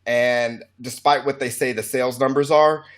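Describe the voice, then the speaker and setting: A man's voice: medium pitch, steady tone, moderate pace. A man co-hosting a casual video game podcast, giving opinionated takes with wry asides. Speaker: podcast co-host. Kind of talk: casual gaming news chat.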